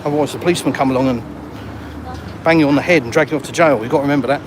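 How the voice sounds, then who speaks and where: A man's voice: medium pitch, rapid-fire. A man chatting and joking with viewers while live-streaming on a walk outdoors. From England. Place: outdoors on a city street. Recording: outdoor street traffic noise.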